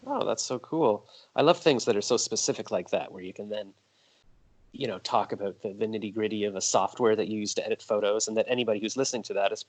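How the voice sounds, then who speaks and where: A man with a fairly low voice hosts a podcast interview at a brisk clip. He chats casually and rambles through long, chatty stories. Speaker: podcast host.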